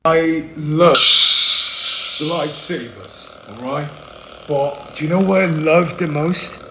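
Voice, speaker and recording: A man speaking slowly and leeringly in a short social media clip. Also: a little high. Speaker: cosplayer in a clip. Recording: noisy clip played back.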